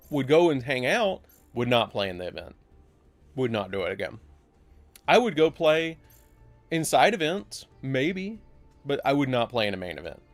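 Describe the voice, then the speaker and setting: Hosting a live game stream, a man with a medium-pitched voice casually tells a story, playing out both sides of an argument himself. There's no echo on the sound.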